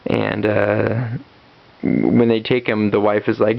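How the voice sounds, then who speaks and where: A man's voice: on the low side, completely flat delivery, a little slow, vocal fry. A man casually reviewing a comic book, retelling the story with lots of fillers and restarts. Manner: rambling, many fillers and restarts. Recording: dull lo-fi recording.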